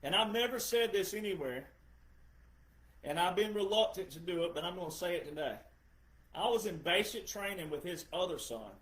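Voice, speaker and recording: A man's voice: high-pitched, expressive, normal speed, a bit bright. A middle-aged man hosting a podcast, giving an emphatic, lecturing political monologue and repeating phrases for effect. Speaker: podcast host. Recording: roomy echo.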